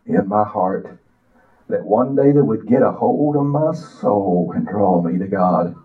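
An older man preaching a sermon, reciting a poem and telling his own story with impassioned, drawn-out phrases. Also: fairly low pitch, animated, a crowd in the background. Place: church. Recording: echoey, distant, dull church audio.

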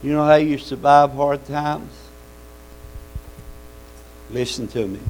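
A man's voice: fairly high pitch, slow, darkish tone, rough recording. A man preaching a sermon in a folksy, fervent way, calling out amens and hallelujahs.

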